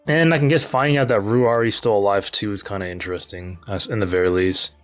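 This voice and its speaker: A man's voice: lowish voice, quick pace, faint music behind. A young man casually commenting on his game as he plays, laid-back and slangy. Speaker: gaming channel host.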